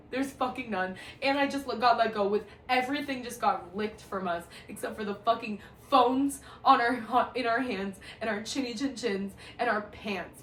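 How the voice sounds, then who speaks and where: Young woman telling a profane story. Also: a little high. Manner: profane, animated, laughing often. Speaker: storyteller vlogger. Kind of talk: casual storytime monologue. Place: at home, indoor room. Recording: echoey room, distant mic, faint hiss.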